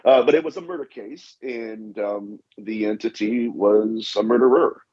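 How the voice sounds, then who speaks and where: A man with a husky, somewhat low voice recounts his cases as a podcast guest. He acts out each exchange with repeated "I said" and "she goes". The audio sounds dull and lo-fi. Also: a little slow. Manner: anecdotal, acts out dialogue, frequent "I said". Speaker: guest, demonologist. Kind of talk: storytelling in a podcast interview.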